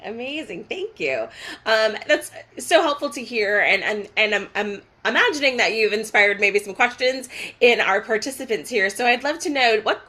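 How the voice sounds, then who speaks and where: A woman's voice: a little high, lively intonation, moderate pace, bright, forceful tone. A woman hosting an online info session in an upbeat, encouraging way. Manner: upbeat, encouraging, with many fillers. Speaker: session host. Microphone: video call.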